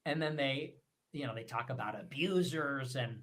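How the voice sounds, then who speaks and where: Male streamer, bright-toned, rants fast and scornfully with crude language. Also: medium pitch. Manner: fast, profane, scornful with mocking laughs. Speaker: livestream commentator. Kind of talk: ranting monologue.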